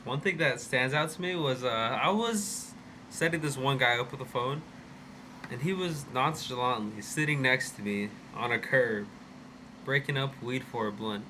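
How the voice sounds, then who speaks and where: A man's voice: medium pitch, moderate pace, sharp tone. A man in his twenties, a podcast guest, laid-back and giving brief answers. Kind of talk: casual chat. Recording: background noise.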